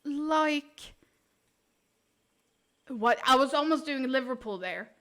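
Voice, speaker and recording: Woman streamer, high bright voice, unhurried, giggly and self-mocking. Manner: giggly, self-mocking, keeps trying silly accents. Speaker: live streamer doing tarot readings. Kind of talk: casual live-stream chat.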